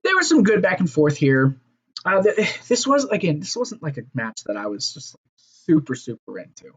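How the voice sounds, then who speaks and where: A man's voice: fairly high pitch, huge pitch swings, normal speed, husky, highs cut off. A man giving a casual, rambling solo review of a wrestling show, swearing freely and trailing off into fillers. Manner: profane, rambling, fillers and restarts.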